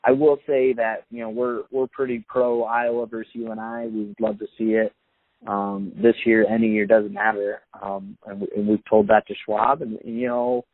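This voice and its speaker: A man's voice: on the low side, level tone, normal speed, no echo. A man hosting a podcast, talking casually with many fillers and restarts. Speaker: podcast host. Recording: phone-like, dry sound.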